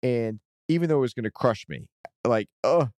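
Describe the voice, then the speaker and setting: A man's voice: mid-range voice, lively intonation, normal speed, a little mellow, no echo. A man co-hosting a casual chat, telling a personal story and acting out the dialogue in it. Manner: storytelling, acts out quoted dialogue, laughs often. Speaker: co-host.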